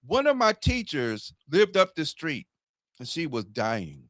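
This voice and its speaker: A man's voice: on the high side, huge pitch swings, measured pace, fairly bright tone, no room sound, studio quality. A man in his fifties telling candid stories in casual talk as a show host. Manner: storytelling, candid and profane. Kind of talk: casual chat.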